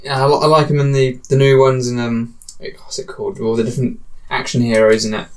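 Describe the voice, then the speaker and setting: A man's voice: medium pitch, flat delivery, brisk, darkish tone. A man co-hosting a casual film chat, easygoing and trailing off mid-sentence. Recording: voice distant from the mic.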